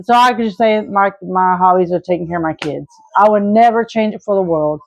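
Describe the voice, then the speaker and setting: Gravelly and fairly quick, this mid-range woman's voice comes through on dull audio. She's in her thirties, from Arkansas, and rambles sincerely through viewer questions in a relaxed chat, with frequent fillers and restarts.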